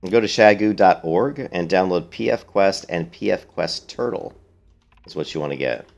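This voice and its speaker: A man's voice: sits low, lively intonation, moderate pace, gravelly, muffled recording. A man streaming a video game, chatting casually with viewers and answering their questions in a blunt, opinionated way. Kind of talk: casual let's-play commentary.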